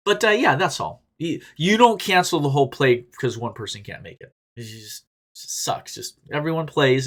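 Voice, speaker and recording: A man talking on a casual commentary podcast in an average-pitched voice. He rambles, swears freely and laughs often. He jumps between loud bursts and quiet asides. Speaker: podcast host reading and answering reader stories.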